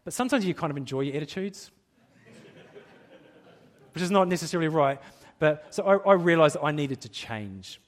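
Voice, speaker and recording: A man's voice: a little high, expressive, normal speed, long pauses. A middle-aged man preaching a sermon in a church, candid and self-deprecating, laughing at himself and often restarting his sentences. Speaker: pastor.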